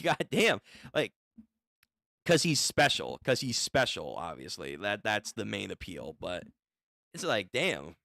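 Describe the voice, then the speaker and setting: A man's voice: mid-range voice, sing-song, a little slow, a bit bright, no echo, studio quality. A man casually reading a manga aloud for his channel, joking and reacting between the panels. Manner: chatty, joking reactions, repeats words. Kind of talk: casual read-through with commentary.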